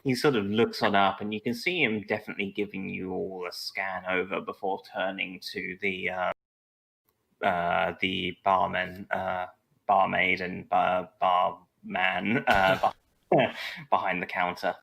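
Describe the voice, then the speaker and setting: A man running a tabletop game, narrating in a low, bright voice. He hedges often and fills his sentences with pauses and fillers. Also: little pitch movement, gravelly. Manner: hesitant, many fillers and "sort of". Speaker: game master.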